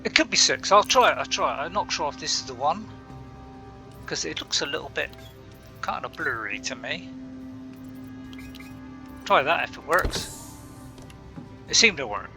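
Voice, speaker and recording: A man's voice: fairly high pitch, lively intonation, normal speed, pauses often, bright, forceful tone, soft background music. A man rambling casually through gameplay commentary, chatty and laughing often, talking to himself. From Bristol, England. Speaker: gaming channel host.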